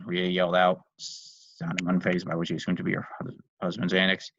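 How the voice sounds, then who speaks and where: A man's voice: deep voice, fairly even intonation, fast talker, vocal fry, a bit bright, slightly rough, no room sound. A man casually reading fanfiction aloud, breaking off with irreverent, swearing asides. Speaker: youtube reader and reviewer. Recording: dry dull lo-fi home mic.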